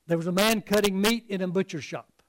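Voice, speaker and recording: A man preaching a sermon in an earnest, halting way, often repeating words as he restarts. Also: sits high.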